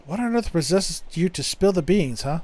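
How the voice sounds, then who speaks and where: A man voicing a brash, blunt gangster who scolds in a gruff, mocking way while reading game dialogue. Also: high-pitched, lively intonation, normal speed, a little mellow. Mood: scolding.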